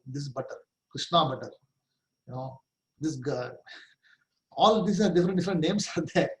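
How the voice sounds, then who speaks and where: A man's voice: high-pitched, rough recording. A middle-aged man teaching a scripture class, explaining with rhetorical questions, light laughs and chanted Sanskrit terms. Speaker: Vedanta teacher.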